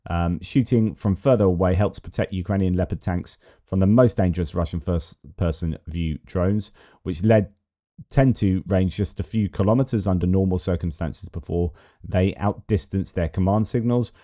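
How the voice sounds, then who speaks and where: A man's voice: sits low, mellow. A man hosting a news commentary show, reading out reports and adding his own musings. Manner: reads reports aloud, then muses with fillers and restarts. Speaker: host.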